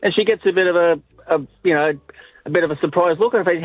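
A man's voice: sits high, quick pace, no room sound, lo-fi sound. A man calling a radio show to tell a joke, chatty and acting out the voices in it. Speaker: caller. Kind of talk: casual joke telling on the phone.

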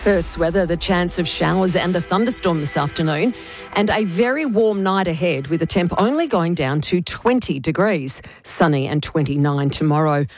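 A woman reading a radio news and weather bulletin, crisp and measured. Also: on the low side, soft background music. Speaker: radio newsreader.

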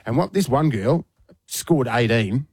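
An Australian man on a radio show, telling a story in a casual, animated way and acting out what people said. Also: medium pitch, unhurried, breathy edge, no echo. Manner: animated, acts out quoted voices. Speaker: radio host.

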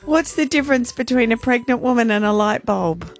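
Lively playful woman host. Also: fairly high pitch, fairly quick, soft background music. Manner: playful, teasing. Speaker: radio host. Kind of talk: breakfast radio banter.

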